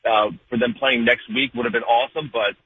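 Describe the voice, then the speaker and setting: A man's voice: medium pitch, a little hiss or hum. A man from New Jersey calling in to a sports talk show, talking at length with lots of fillers. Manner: fast, rambling, with many fillers. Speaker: caller. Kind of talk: casual call-in sports chat. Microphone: phone. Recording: phone line.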